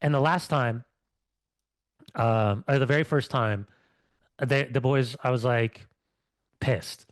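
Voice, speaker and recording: A man's voice: mid-range voice, slow, long pauses, no room sound. A middle-aged man, a former athlete co-hosting a podcast, talking in a fired-up way with many restarts. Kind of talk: casual podcast chat.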